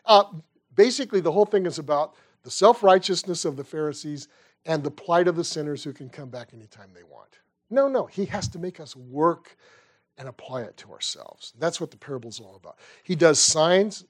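A man teaching a conversational Bible lesson, telling stories animatedly with rhetorical questions and casual asides. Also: fairly high pitch.

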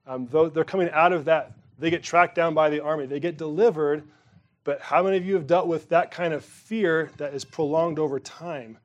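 A man delivering a sermon in a loose, conversational way, with a voice sitting a little high for a man. He presses hard on some words, then lets his voice fall soft and low. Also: fairly even intonation, moderate pace, highs cut off. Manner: conversational preaching, swings between emphatic and quiet. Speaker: pastor.

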